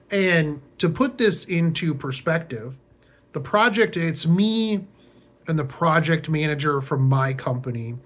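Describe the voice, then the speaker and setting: A man's voice: a little high, lively intonation, a little slow. A young man telling a casual, rambling story as a vlogger, full of fillers, restarts and wry, sarcastic asides.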